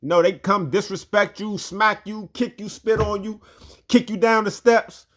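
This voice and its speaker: A man's voice: high-pitched, steady tone, normal speed, fairly bright tone. A man giving a heated, profane opinion rant as a commentary host.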